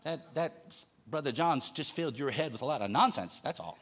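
A preacher playing a disapproving relative who scoffs at someone for talking big. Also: male voice, medium pitch, expressive, normal speed, a bit bright. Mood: taunting. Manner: scoffing, taunting. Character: mocking disapproving relative, man.

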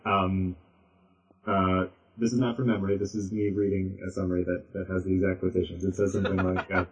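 A low-voiced man speaks haltingly on a casual podcast, full of ums and restarts. He sits a little back from the mic, and the audio is dull and lo-fi. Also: flat delivery, recorded from a distance. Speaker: podcast guest.

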